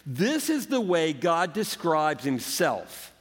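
A man's voice: fairly high pitch, very animated, slow pace, husky. A man preaching a sermon as a pastor, earnest and conversational, acting out the quotes. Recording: echoey hall.

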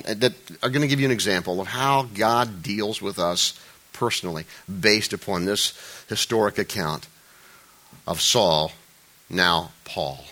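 A man's voice: lowish voice, bright, forceful tone. A middle-aged man preaching a sermon, reading scripture aloud with acted-out voices and asides, often chuckling. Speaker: pastor.

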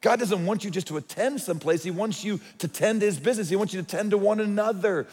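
A man's voice: sits high, fast talker, darkish tone, slightly rough. A man preaching a sermon in a conversational, storytelling way, often restarting his sentences. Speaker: pastor. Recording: long reverb of a large hall.

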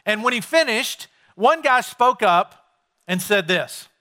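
A male pastor delivers a sermon with a raised, ringing voice. He talks to the congregation as if chatting with them, tossing out questions along the way. His tone stays bright and clear. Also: sits high, lively intonation, slow pace. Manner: conversational, asks the congregation questions.

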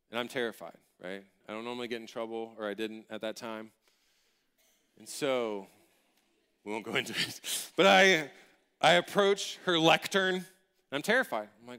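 A man preaching a sermon, telling a personal story in an animated, humorous, conversational way. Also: mid-range voice, fairly quick, clear, resonant tone. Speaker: pastor.

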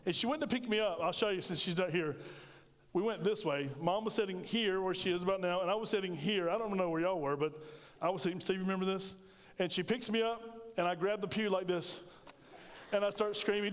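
A man's voice: high voice, quick pace. A middle-aged man preaching a sermon as pastor, telling stories with animation and joking with the congregation. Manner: storytelling, animated, jokes with congregation. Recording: reverberant church sanctuary.

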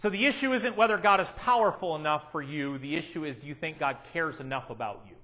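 A man preaching a sermon, swinging from hushed, quiet lines to loud, emphatic ones. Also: a little high, fast talker, lo-fi sound.

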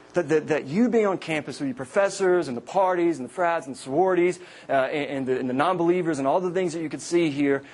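A man in his thirties, a campus minister, preaching to college students with humorous personal stories and lively quoted voices. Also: on the high side, husky. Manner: joking storyteller, animated quoted voices.

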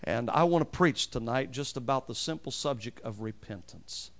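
A man preaching a sermon as pastor, reading scripture slowly with strong emphasis and calling for amens from the congregation. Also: mid-range voice, gravelly.

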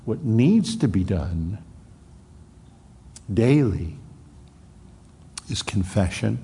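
Man, pastor preaching, gravelly, husky, emphatic, long church-hall reverb. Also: on the low side, sing-song, very slow, long pauses. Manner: emphatic, rising to bursts of loud stress then dropping soft. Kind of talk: sermon.

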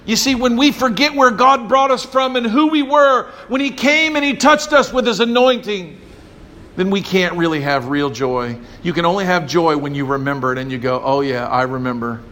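High-voiced preacher man calling for amens. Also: normal speed, sharp tone. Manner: call-and-response preaching, emphatic. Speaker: pastor. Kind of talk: sermon.

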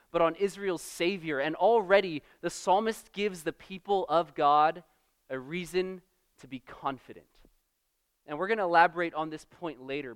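A man's voice: high-pitched, fairly bright tone, clean tone. A young man preaching a sermon, earnest and emphatic, often restarting his words as he builds a point.

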